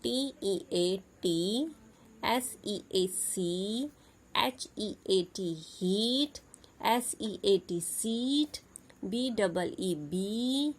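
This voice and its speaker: Very slow Indian woman teaching phonics. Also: mid-range voice, expressive. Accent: Indian English. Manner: spells words letter by letter then reads them slowly. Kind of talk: classroom phonics lesson for young children.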